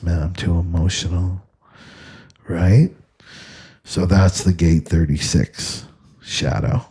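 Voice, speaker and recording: A man's voice: low-pitched, mellow, slightly rough. A man giving an unscripted spiritual astrology talk, repeating phrases and tagging "right?" onto almost every point. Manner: repetitive, asks "right?" constantly. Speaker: astrology teacher.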